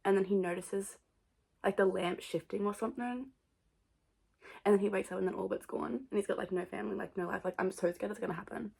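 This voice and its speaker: A young woman talks straight to her camera in a loose, rambling vlog chat. She tells everyday stories with lively, animated energy and peppers nearly every phrase with "like.". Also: medium pitch, fast talker, creaky, husky. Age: young adult. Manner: rambling, full of "like" fillers, animated storytelling. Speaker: vlogger.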